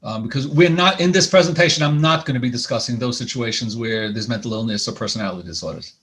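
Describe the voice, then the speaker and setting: A man's voice: medium pitch, fast, fairly bright tone. Man lecturing with many restarts. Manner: conversational with frequent restarts and repeated words. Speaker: couples therapist. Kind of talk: lecture presentation. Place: lecture hall.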